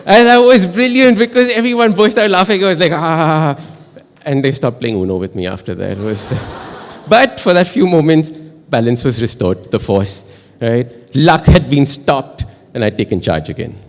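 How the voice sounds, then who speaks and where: A man with an Indian English accent telling a personal story at a live storytelling show, chatty and animated, often asking the audience questions. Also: on the high side, normal speed, big-room sound, slight background noise. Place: stage in a performance hall.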